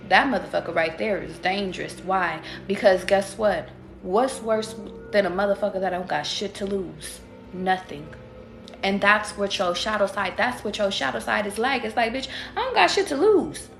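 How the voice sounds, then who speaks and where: A woman's voice: mid-range voice, moderate pace, vocal fry, fairly bright tone, roomy sound, faint music behind. A woman who reads tarot, giving a casual livestream pep talk to her viewers. She talks profanely and emphatically and keeps asking rhetorical questions. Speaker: tarot reader.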